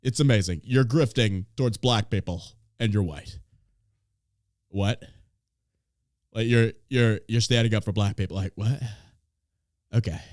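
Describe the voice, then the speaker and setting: A man's voice: on the low side, measured pace, pauses often, darkish tone, no echo, clean studio sound. A man hosting a podcast, ranting in casual chat with a profane, sarcastic, mocking manner. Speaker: podcast host.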